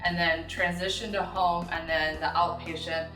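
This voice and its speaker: A woman's voice: lowish voice, little pitch movement, moderate pace. A woman hospital staff member speaking earnestly in an interview and listing what the work involves. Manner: earnest, listing things in runs. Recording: roomy, distant mic, clear music bed.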